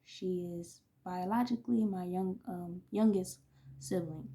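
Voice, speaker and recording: Her voice is on the low side with a dark tone and a measured pace. This oracle reader and vlogger in her thirties meanders casually through personal stories, laughing frequently and at times dropping almost to a whisper.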